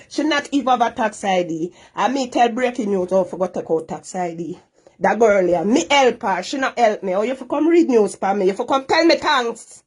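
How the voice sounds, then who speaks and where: A middle-aged Jamaican woman scolding at length on a live stream, repeating herself in heavy Patois. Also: mid-range voice.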